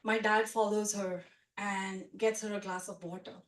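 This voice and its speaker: At a live story swap, a chatty woman with a mid-range voice tells a personal story at normal speed to an audience in a storytelling event room. She's animated and full of "like" and "you know," and a distant mic gives her a roomy, hall-like sound.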